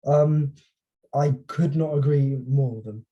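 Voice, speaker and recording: A young man, a student, talking candidly and self-deprecatingly about himself in a coaching session, with halting starts. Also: mid-range voice, highs cut off. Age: young adult.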